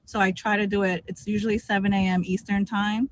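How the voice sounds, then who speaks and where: A woman's voice: medium pitch, little pitch movement, a little fast. A woman in her late thirties, a guest on a livestream, talking candidly and a little self-consciously about her life. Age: 30s. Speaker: guest streamer. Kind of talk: casual interview chat.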